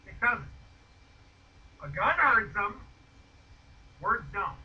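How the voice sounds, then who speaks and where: Man, very high voice, profane mocking rant, dull distant playback. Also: big pitch swings, slow pace. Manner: loud, profane, mocking rants. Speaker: video creator being rebutted. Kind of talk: ranting commentary.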